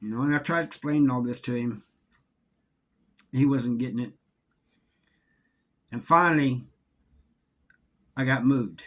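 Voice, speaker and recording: Husky man telling a prison story. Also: mid-range voice, a bit bright. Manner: halting, repeats words, drawling Southern-sounding grammar. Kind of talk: casual storytelling.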